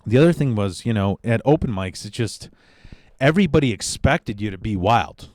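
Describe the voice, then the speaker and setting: A man hosting his own podcast, a stand-up comedian from the Chicago area, telling stories in a profane, animated monologue with sudden excited outbursts. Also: lowish voice, normal speed, no echo, clean studio sound. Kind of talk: casual solo podcast monologue.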